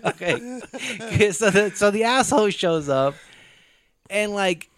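A man in loose conversation about a film, his voice sitting a touch high and leaping around as he talks. He breaks into laughter often and swears freely, riffing with friends. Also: measured pace. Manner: laughs often, animated and profane. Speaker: podcast co-host. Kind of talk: casual movie chat.

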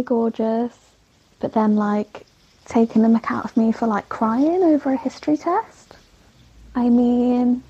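A woman's voice: fairly high pitch, gravelly, dark tone, breathy edge, highs cut off. A woman calling in to a podcast, wry and offhand in a casual voice message. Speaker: caller.

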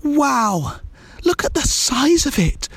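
A man voicing an excited, cheerful little girl in a storybook reading, high and eager. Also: slow, dry recording, heavily acted.

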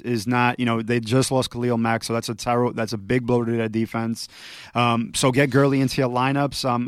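A man's voice: mid-range voice, clear, resonant tone, dry recording. Easygoing man on a dry close mic. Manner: relaxed, lots of ums, direct advice. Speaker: podcast co-host. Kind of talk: casual fantasy football chat.

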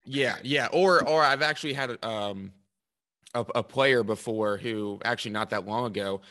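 A man's voice: mid-range voice, pushed and bright. A man who coaches baseball, chatting casually and readily agreeing with his conversation partner. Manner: agreeable, quick to affirm.

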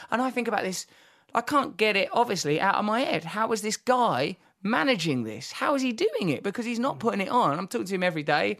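A middle-aged man talks on his podcast in long, rambling runs of storytelling. His phrasing is vivid and impassioned, and his voice sits a little high for a man. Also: very animated, brisk, creaky, a bit bright. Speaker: podcast host. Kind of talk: conversational storytelling.

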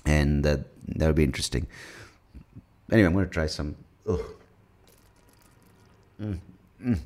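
Solo podcast host, extremely low voice, profane self-mocking ramble. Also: male voice, brisk, long pauses, a little mellow. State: hungover. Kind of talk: casual solo monologue.

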